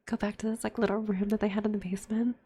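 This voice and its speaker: A young woman talks in a whispered ASMR chat, her voice airy and breathy at an ordinary middle pitch. She tells her story candidly with plenty of fillers and swearing. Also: level tone, rapid-fire, warm tone. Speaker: streamer.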